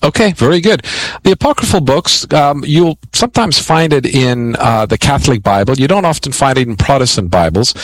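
A man hosting a call-in radio show, explaining Bible prophecy to callers in a measured teaching manner with frequent "uh" fillers. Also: mid-range voice, animated, no room sound, low-quality recording. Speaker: radio Bible answer host.

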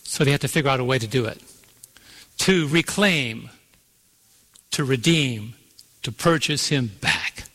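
A man's voice: medium pitch, lively intonation, a little slow, pauses often, pushed and bright. A man preaching a sermon, telling a story and drawing out key words, asking the congregation to fill in answers. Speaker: pastor. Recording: long reverb of a large hall.

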